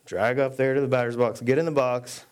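A man preaching a sermon, telling stories with self-deprecating humor and reading scripture aloud at a quick clip. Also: medium pitch, steady tone, clear, resonant tone. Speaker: pastor. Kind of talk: conversational sermon.

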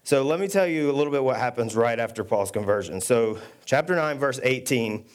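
A man preaching a sermon, telling stories with self-deprecating humor and reading scripture aloud at a quick clip. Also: medium pitch, expressive. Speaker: pastor. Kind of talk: conversational sermon.

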